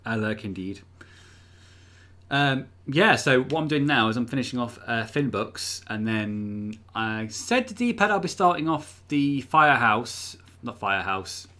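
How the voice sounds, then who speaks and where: A man in casual live-stream chat, talking from a room at home. His voice is bright and forward, neither high nor low. He rambles loosely, with frequent ums and uhs. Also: expressive, measured pace. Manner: rambling, filler-heavy, chatty. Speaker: livestream host.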